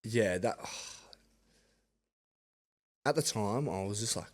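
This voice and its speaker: A man's voice: on the low side, very slow. A young Australian man in his twenties, a podcast guest, telling stories casually and acting out what others said, with frequent laughter. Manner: animated, acts out quoted voices, laughs often. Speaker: podcast guest, rugby league player. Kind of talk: casual storytelling.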